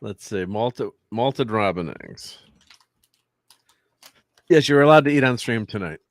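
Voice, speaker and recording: A man's voice: mid-range voice, lively intonation, a little slow, dry recording. A man hosting a casual livestream chat, laughing often and trailing off mid-sentence. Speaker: livestream host.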